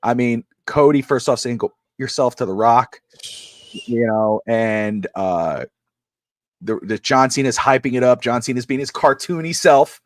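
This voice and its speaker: Excitable and prone to rambling, this man co-hosts a sports talk show in a casual way, frequently starting his sentences over. His mid-range voice moves at a slightly slow pace, with no echo in the recording.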